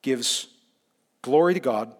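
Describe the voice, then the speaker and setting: A man preaching a sermon, telling a story expressively and swinging between hushed asides and emphatic points. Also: mid-range voice, expressive, takes it slowly. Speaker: pastor.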